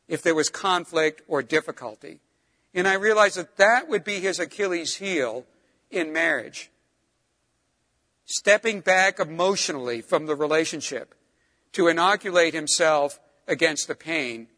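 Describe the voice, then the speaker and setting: Man, sermon, high and bright voice, emphatic, rises on key words, drops soft for asides. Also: in a large hall. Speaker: preacher.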